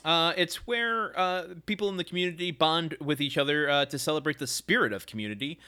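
A man's voice: a little high, a little fast, sharp tone, clear, resonant tone. A man co-hosting a podcast in casual chat, recapping a sitcom episode and laughing often between sentences. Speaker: podcast co-host.

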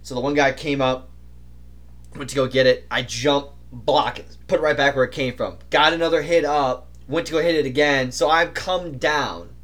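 A young adult man telling stories in casual podcast chat, animated and imitating other people's voices. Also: mid-range voice, normal speed. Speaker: podcast co-host.

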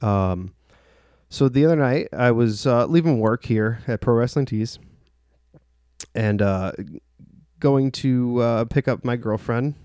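A man's voice: medium pitch, a little mellow, clear, resonant tone, dry recording, studio quality. A young man telling a personal story in a casual, rambling way, full of filler words and swearing. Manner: rambling, heavy use of "like", profane.

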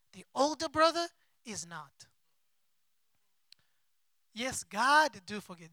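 A man preaching a sermon as a pastor, with impassioned delivery and big swings between soft and loud. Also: very high-pitched, dry recording. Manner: acts out quoted figures in his own voice. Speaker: pastor and missionary.

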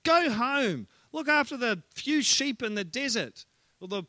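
A man's voice: very high-pitched, lively intonation, measured pace, sharp tone, no echo, studio quality, pitched above the performer's own voice, full character voice. A man voicing a scornful older brother who talks in a curt, dismissive way.

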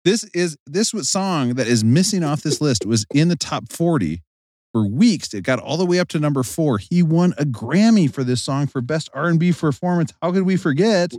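A man's voice: animated, normal speed, a little mellow. A man hosting a podcast in casual comic chat, jokey and theatrical. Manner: jokey, theatrical, swings pitch widely. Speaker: podcast host.

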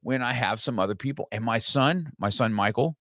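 A middle-aged man hosting an interview in a brash, animated, direct way. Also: mid-range voice, brisk, no room sound, studio quality. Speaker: podcast host. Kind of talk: conversational interview.

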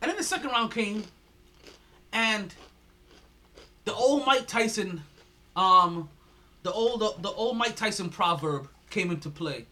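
A man's voice: high-pitched, lively intonation, a little slow, pauses often. A man hosting a casual sports podcast, laughing often and rambling through fight talk with lots of restarts. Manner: laughs a lot, does loud mock voices, rambles with restarts. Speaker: podcast host.

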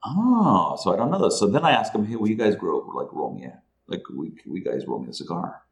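Brief: deep-voiced male guest, loose profane storyteller, laughs through the telling. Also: sing-song, fairly quick, vocal fry. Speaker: guest, entrepreneur. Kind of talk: casual storytelling.

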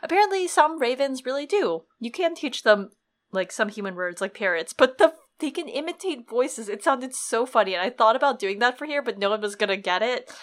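A woman's voice: on the high side, lively intonation, a little fast. A young woman co-hosting a podcast who chats casually and animatedly, swearing freely, and reads book passages aloud. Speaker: podcast co-host. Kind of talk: casual chat and reading aloud.

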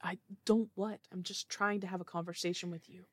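Woman playing an earnest young man, soft, gentle, lowish voice, dry close sound. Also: steady tone, a little fast, no echo, natural voice.

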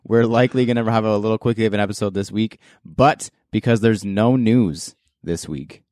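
A man's voice: fairly low pitch, normal speed, darkish tone, no echo, studio quality. A man hosting a casual podcast, loose and joking, laughing often as he runs the show. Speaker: podcast host.

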